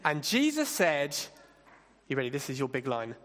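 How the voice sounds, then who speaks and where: A man leading an interactive Bible talk, playful and directing volunteers with quick asides. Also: medium pitch, wildly swooping pitch, fairly bright tone, long reverb tail. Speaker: church leader giving a talk.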